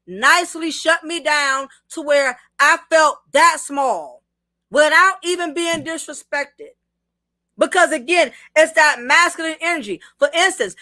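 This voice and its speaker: Bright, high-pitched woman preaching emphatically. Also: no room sound, clean studio sound. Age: adult, married. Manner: emphatic, preachy, talks straight to the viewer. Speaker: livestream host. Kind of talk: casual commentary reading viewer comments.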